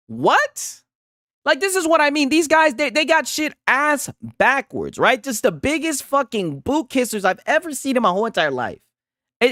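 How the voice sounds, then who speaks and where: Mocking, profane man with lively pitch. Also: no room sound, clean studio sound. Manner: profane, mocking, keeps asking "right?". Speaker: gaming commentary streamer. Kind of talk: casual reaction commentary.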